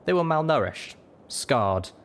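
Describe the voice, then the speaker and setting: A man narrating a story in first person with a steady, dramatic reading. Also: a little high, a little slow, clear, resonant tone. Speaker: audiobook reader.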